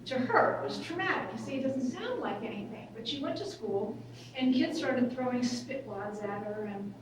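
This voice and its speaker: A woman's voice: fairly high pitch, lively intonation, normal speed, a crowd in the background. A woman speaker telling stories to a workshop audience, chatty and conversational. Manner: conversational, acts out quoted voices. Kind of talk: storytelling workshop talk. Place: large conference hall. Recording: echoey hall, far from mic, room noise.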